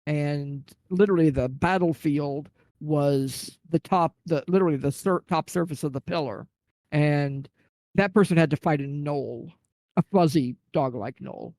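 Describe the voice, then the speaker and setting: A man tells a long gaming anecdote on a podcast, his voice sitting a little high and dropping into the quoted players' lines. The sound is dry and close, with no room around him. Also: measured pace, dry recording. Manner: animated anecdote teller, acts out quoted players. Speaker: podcast co-host. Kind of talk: casual storytelling chat.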